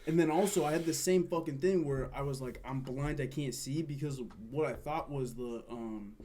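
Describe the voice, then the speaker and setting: A man with a dark, mellow voice chatting on a casual podcast. He tells his own story candidly, with faint noise in the background. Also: a little high, normal speed. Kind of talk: casual chat.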